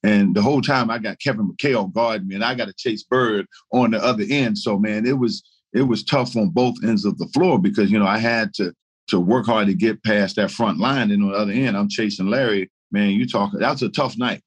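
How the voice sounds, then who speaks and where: An older man tells stories in casual conversation. He is animated and laughs easily. His voice sits a little low. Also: brisk, breathy edge. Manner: animated storyteller, laughing through anecdotes. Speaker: guest, retired basketball player. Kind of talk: casual storytelling chat.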